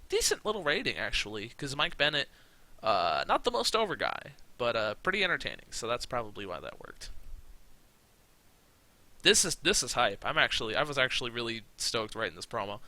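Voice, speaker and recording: A man's voice: medium pitch, bright, forceful tone. A man hosting casual let's-play commentary, rambling with fillers, swearing and frequent laughs. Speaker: gaming channel host.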